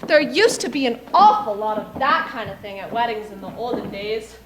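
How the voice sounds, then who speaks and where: A woman's voice: fairly high pitch, lively intonation, moderate pace, natural voice. A young woman in a school play, acting a dry, wry minister who narrates and leads the vows. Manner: dry, wry stage delivery. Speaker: student actor in a school play. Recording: stage recording with noise.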